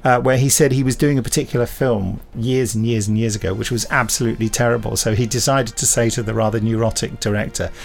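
A medium-pitched co-host with vocal fry talks quickly, his intonation fairly even and hardly any pauses. On the podcast he chats casually, relating anecdotes with small impressions of the people involved.

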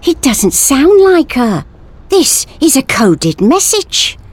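A woman's voice: high voice, very animated, takes it slowly, pitched above the performer's own voice, full character voice. A woman voicing an anxious, earnest young male store worker who presses his worries urgently. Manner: urgent, insistent.

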